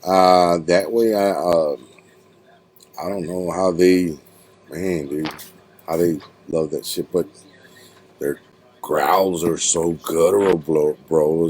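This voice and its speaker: Low-voiced slangy podcast host, a man. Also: fairly even intonation, slow pace, a little mellow, slight background noise. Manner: rambling, slangy, calls listener bro and dude. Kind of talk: casual interview chat.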